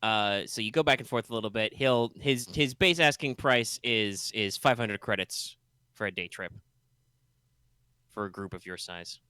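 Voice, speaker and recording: A man's voice: on the low side, moderate pace, bright, forceful tone, smooth, dry recording. A man running a tabletop game as game master, narrating loosely with plenty of fillers and restarts. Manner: rambling, many fillers and restarts.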